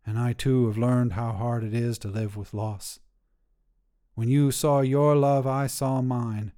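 A man voicing a weary, gruff old witch who lives in a hut, speaking in a dark, gravelly tone. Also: mid-range voice, fairly even intonation, unhurried, close to an everyday voice.

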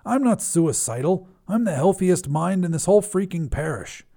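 A man's voice: high voice, expressive, normal speed, a crowd in the background, pitched above the performer's own voice. A man voicing a sleepy, flustered male priest who gets whiny and panicky, in a storybook reading.

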